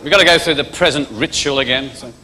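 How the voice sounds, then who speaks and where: On a stage microphone, a male comedian talks fast in a medium-pitched voice, bantering cheekily with a theatre crowd and putting on mock voices for gags. The live recording carries hall echo, a loud audience and bursts of laughter.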